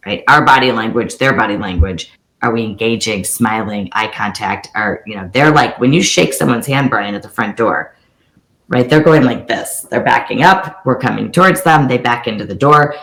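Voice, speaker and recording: A woman real estate coach giving a storytelling coaching talk, lively, acting out quoted dialogue in quick back-and-forth. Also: a bass voice, echoey room, low-quality recording.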